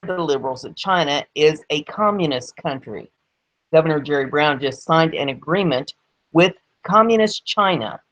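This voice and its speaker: A woman's voice: sits low, expressive, moderate pace, rough recording. A woman hosting an online news commentary show. She reads each article aloud, then adds sarcastic, pointed remarks and leans hard on key words.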